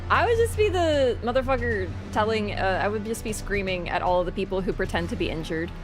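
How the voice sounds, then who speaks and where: A woman's voice: medium pitch, lively intonation, fairly quick, music in the background. A woman streamer in a casual live-stream chat, rambling and swearing as she rants.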